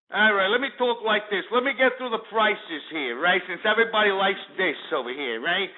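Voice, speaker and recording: A man voicing a brash, boastful male New Jersey party tough guy with a put-on New Jersey accent, heard over a tinny phone-like line. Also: sits high. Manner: swaggering, boastful, tagging lines with "eh?".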